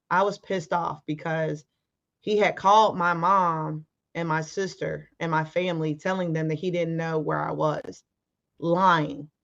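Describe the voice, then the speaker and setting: A woman's voice: fairly low pitch, highs cut off. A woman guest telling a personal story in casual, emphatic talk, acting out the arguments she quotes. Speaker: interview guest.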